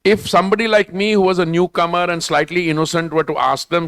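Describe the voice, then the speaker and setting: A man's voice: high voice, fairly even intonation, fast, few pauses, a bit bright, dry recording. An older man with an Indian English accent, speaking as a government minister in a festival panel conversation, talking in a discursive, digressive way and dropping Hindi phrases into his talk.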